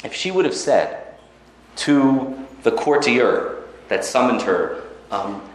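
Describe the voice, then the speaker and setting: A man giving a lively Talmud lecture, telling the story with Hebrew quotations and acted asides. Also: mid-range voice, slow pace. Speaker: rabbi teaching Talmud. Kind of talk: animated Torah lecture. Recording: very echoey room with faint ambient noise.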